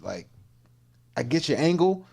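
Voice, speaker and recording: A man hosts a livestream and reacts in loose, slangy commentary. His voice sits a little high and swings up and down a lot. He takes his time between phrases and breaks into exclamations and laughter. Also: very animated, measured pace, gravelly, a little mellow, breathy edge. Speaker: livestream host.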